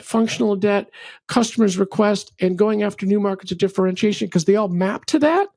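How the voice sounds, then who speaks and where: On an interview show, a middle-aged guest who is a venture capital partner explains his strong views in a high, gravelly voice, slipping into ranting as he goes. He tells stories animatedly and performs the quotes he cites. The audio is dry and close, with no echo or sense of a room.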